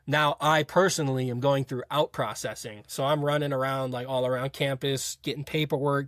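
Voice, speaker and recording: A man's voice: medium pitch, a bit bright, no echo. Young man, interview guest, casual rambling story, fillers and restarts, dry close sound. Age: young adult. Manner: rambling, filler-heavy retelling with frequent restarts. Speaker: interview guest, college football player.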